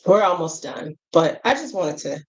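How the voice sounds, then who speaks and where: A woman's voice: lowish voice, animated, moderate pace, rough recording. A middle-aged American woman with an African American English accent, giving frank, chatty advice straight to the camera with lots of asides and fillers. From United States. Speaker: travel vlogger. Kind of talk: casual advice chat to camera.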